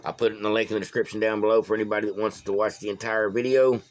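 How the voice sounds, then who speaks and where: Man, Texan accent, low-pitched, rambling folksy commentary, dull phone recording. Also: level tone, racing. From Texas. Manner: rambling, folksy, stumbles over names. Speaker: political vlogger. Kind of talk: casual solo commentary.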